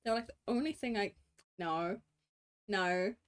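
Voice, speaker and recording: An Australian woman in her late twenties chats casually on stream while drawing, her medium-pitched voice unhurried. She rambles with many fillers, swears casually, and laughs often.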